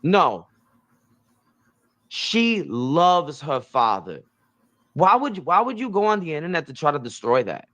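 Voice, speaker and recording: A man's voice: on the high side, sing-song, measured pace, long pauses, a bit bright. A young man hosting commentary, reacting to interview clips in a blunt, emphatic way and repeating his points. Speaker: commentary host.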